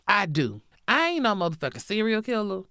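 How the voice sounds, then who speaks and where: A woman voicing a defiant, foul-mouthed old male convict who shouts angry denials. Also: medium pitch, sing-song, fairly quick, clear, resonant tone, dry recording, studio quality, pitched above the performer's own voice. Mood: furious defiant. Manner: loud, cursing, indignant.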